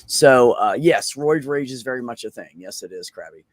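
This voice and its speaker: A man's voice: mid-range voice, lively intonation, normal speed, no echo. A man hosting an open mic video call, telling a long story casually, swearing often and rambling with lots of fillers. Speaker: open mic show host. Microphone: computer microphone on a video call.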